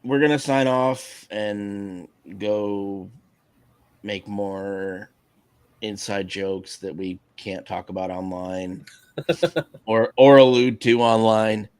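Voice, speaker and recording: A man's voice: lowish voice, fairly even intonation, takes it slowly, darkish tone, clear, resonant tone, no room sound. A man hosting a live stream, chatting casually with a co-host, hesitant and often chuckling. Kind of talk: casual chat.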